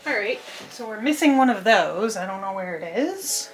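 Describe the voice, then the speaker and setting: A woman's voice: mid-range voice, expressive, moderate pace. A young woman chatting casually as she sorts books at home, scattered and laughing often. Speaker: book vlogger. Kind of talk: casual chat while organizing. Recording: music playing underneath.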